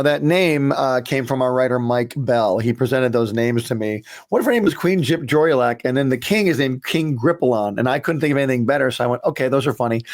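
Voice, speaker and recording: A man in casual reaction commentary on his own cartoon, with a mid-pitched, ordinary voice. He tells stories about making the show in a chatty, rambling way, full of ums and restarts.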